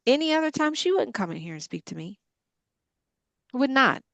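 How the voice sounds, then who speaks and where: A woman's voice: high voice, big pitch swings, normal speed, gravelly, fairly bright tone, dry recording. Blunt, impassioned middle-aged woman. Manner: blunt, impassioned, frank swearing. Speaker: Bible study leader. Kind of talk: candid group discussion.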